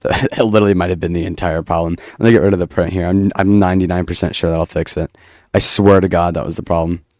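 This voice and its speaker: A man's voice: deep voice, fairly even intonation, fast, few pauses, darkish tone, dry recording, studio quality. A man casually talking through his game code, joking and swearing as he debugs. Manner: casual, swears, jokey asides. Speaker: game developer. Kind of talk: casual commentary while coding.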